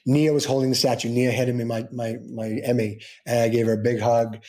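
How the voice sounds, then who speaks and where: A man's voice: mid-range voice, brisk. A middle-aged man tells a long personal story as an interview guest. He rambles and restarts, with plenty of fillers, and lifts his voice when acting out what people said. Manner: animated, rambling anecdote with many fillers and restarts.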